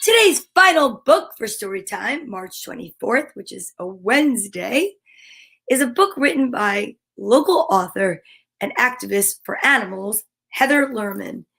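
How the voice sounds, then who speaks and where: A woman with a high, bouncing voice hosts a kids' story time, taking her time as she reads picture books. She breaks off for playful, chatty asides and throws in animal noises. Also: animated, a little slow, creaky, a bit bright, breathy edge. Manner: imitates animal sounds. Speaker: children's story time host. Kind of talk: reading picture books aloud.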